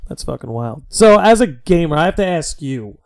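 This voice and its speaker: A man hosting a podcast, chatting casually with a guest, excitable and swearing freely. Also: a little high, moderate pace, creaky. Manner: profane, excitable interviewer. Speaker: podcast host. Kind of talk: casual chat.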